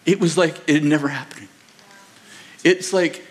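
A man preaching a sermon as a pastor, telling stories in an animated way, laughing often and acting out the voices. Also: fairly high pitch, moderate pace. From United States. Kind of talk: sermon with storytelling. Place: large church auditorium.

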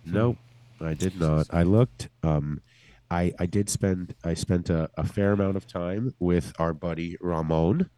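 A man's voice: deep voice, measured pace, warm tone, dry recording. A man, a regular on the podcast, calling in from abroad and chatting casually, loose and joking and swearing freely. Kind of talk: casual chat. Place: traveling abroad, calling in remotely.

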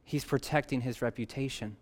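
A man's voice: mid-range voice, fairly quick, darkish tone. A young man preaching a sermon in a conversational way, reading scripture aloud with emphasis. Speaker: pastor.

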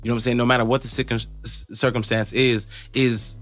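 A man's voice: medium pitch, little pitch movement, fast, fairly bright tone, faint music behind. A young man hosting a casual podcast, asking rambling questions and repeating "you know what I'm saying". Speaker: podcast host.

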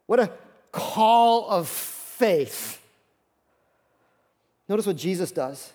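A man in his thirties preaching a sermon as pastor, acting out the Bible figures in quick voices. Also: high voice, in a large hall. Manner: animated, acts out Bible characters in quick voices.

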